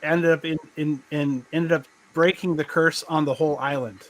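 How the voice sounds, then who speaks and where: A man's voice: on the high side, steady tone, moderate pace, rough recording. A middle-aged man hosting a live podcast, chatting casually and rambling with many restarts. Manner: rambling, restarts often, laughs as he talks. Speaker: podcast host. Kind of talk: casual chat on a live stream.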